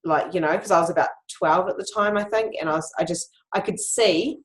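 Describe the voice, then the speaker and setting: A woman's voice: fairly low pitch, a little fast. A woman hosting a casual interview, sharing personal stories in an open, confiding way. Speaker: host. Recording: echoey room.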